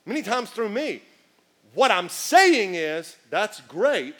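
Male preacher, high and bright, animated delivery. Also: takes it slowly. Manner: animated preaching with acted asides and shouts. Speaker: pastor. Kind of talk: sermon.

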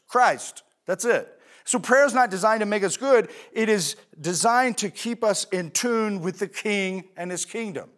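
A man's voice: sits high, a bit bright. A male pastor preaching a sermon in a conversational way, asking rhetorical questions and answering them himself, with fillers and asides.

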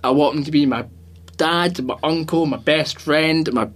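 A man co-hosting a podcast in casual chat, enthusiastic and jokey, rambling quickly. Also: a little high. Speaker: podcast co-host.

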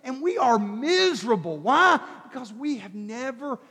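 A man pastor preaching an animated sermon, swinging between shouts and soft coaxing as he acts out voices. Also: very high voice, a little slow, breathy edge. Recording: long hall reverb.

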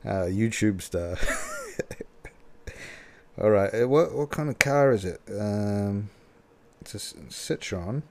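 A man's voice: lowish voice, expressive, takes it slowly, gravelly, long pauses, darkish tone. Chuckling man reacting to a clip. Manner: laughs often, rambling with fillers. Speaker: reaction video host. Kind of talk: casual commentary on a clip.

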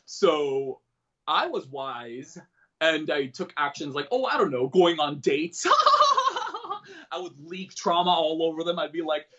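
A man telling a candid personal story in an interview, self-deprecating and joking about dark things. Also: on the high side, takes it slowly, muffled recording, noisy background. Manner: animated, switches into quoted voices. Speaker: comedian and guest.

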